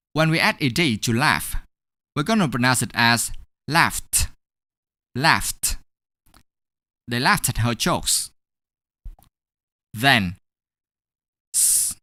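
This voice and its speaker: A woman teaching English pronunciation in a scripted online lesson, over-articulating each sound slowly and deliberately. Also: rumbling low, bright, forceful tone, dry recording, studio quality.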